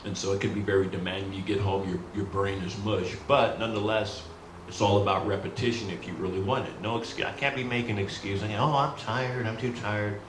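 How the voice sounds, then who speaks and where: Here a new stand-up comic, a middle-aged man, runs through his material fast, in a lowish voice with a steady tone. His rehearsal is rambling and self-deprecating with frequent calls to the folks, and the room adds echo and a faint hum.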